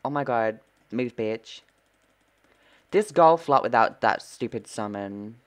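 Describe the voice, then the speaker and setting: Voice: mid-range voice, lively intonation, takes it slowly. A gameplay streamer giving live commentary, full of sassy trash talk, swearing and dramatic gasps.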